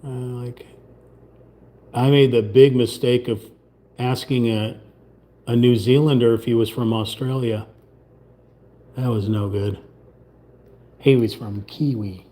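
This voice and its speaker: A man's voice: mid-range voice, fairly even intonation, measured pace, long pauses, warm tone. A man hosting a livestream, chatting casually and rambling while he paints at a table, sometimes trailing off into muttering. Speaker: livestream host.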